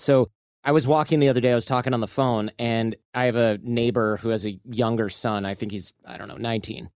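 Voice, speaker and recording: Man, podcast host, relaxed anecdotal delivery, mid pitch, dry close recording. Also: dry recording. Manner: relaxed, tells anecdotes, thinks aloud. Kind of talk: conversational interview.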